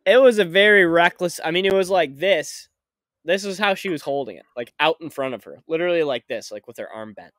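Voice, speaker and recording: A man's voice: on the high side, brisk, a bit bright, no echo. Laid-back young man, dry close sound. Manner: laid-back, swears casually, laughs often. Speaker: podcast co-host. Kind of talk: casual chat.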